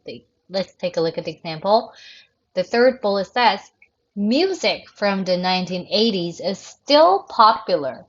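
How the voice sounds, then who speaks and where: A woman teacher giving a recorded grammar lecture in a creaky, tired voice, speaking deliberately and often restarting to correct herself. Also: mid-range voice. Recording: dull lo-fi lesson recording.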